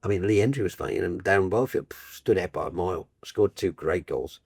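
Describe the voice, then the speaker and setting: Older broadcaster, husky, deep, storytelling guest. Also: male voice, fairly quick, no room sound, studio quality. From Birmingham, England. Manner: warm anecdotal, animated, trailing restarts. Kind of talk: casual storytelling chat.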